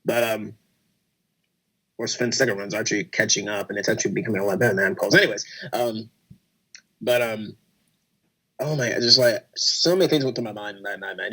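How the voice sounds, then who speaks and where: A man co-hosting a casual wrestling podcast, talking excitedly and acting out his own reactions as he recaps a show. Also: medium pitch, husky. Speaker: podcast co-host.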